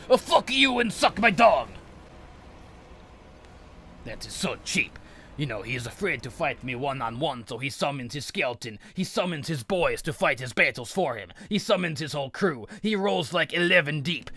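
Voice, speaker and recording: A man's voice: mid-range voice, bright, forceful tone, slight background noise. A man giving angry, profane let's play commentary, ranting at the game. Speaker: gamer.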